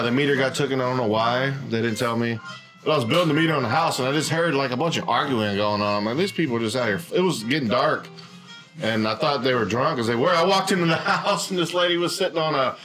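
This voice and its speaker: A man's voice: medium pitch, fast talker, fairly bright tone, soft background music. A man, casually telling a rambling, profane work story on a podcast and laughing as he goes. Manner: rambling, laughs through his stories. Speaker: podcast co-host; gas utility worker.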